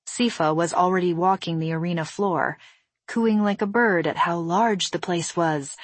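A woman narrating a first-person novel in a steady, measured storytelling voice. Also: fairly low pitch, husky, dry recording. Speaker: audiobook narrator.

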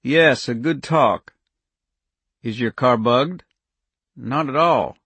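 A man voicing an older male government chief who answers in a flat, obedient way and turns whiny under pressure. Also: mid-range voice, slow, breathy edge, no echo, heavily acted. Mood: compliant.

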